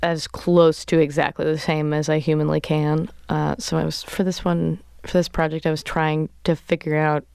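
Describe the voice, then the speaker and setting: A woman's voice: low-pitched, moderate pace, creaky, hardly any pauses, clean tone, dry recording, studio quality. A woman singer-songwriter talking loosely about her songs in a casual interview, in a large cathedral-like room. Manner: relaxed, loose, with fillers.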